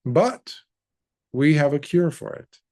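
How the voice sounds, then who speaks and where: A man voicing scheming court priests who flatter and coax their king. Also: fairly high pitch, slow pace. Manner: smooth, coaxing, ingratiating.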